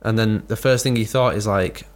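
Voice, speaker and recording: Young guy, low-ish voice, rambly swearing podcast storyteller. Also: fairly even intonation, moderate pace. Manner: rambling storyteller, swears a lot, laughs often. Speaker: podcast co-host. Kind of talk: casual chat.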